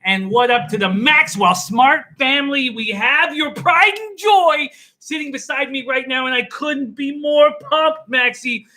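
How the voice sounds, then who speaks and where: A man hosting a sports betting live stream from home, energetically reading out chat shout-outs. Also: extremely high pitch, a little slow. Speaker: sports betting show host.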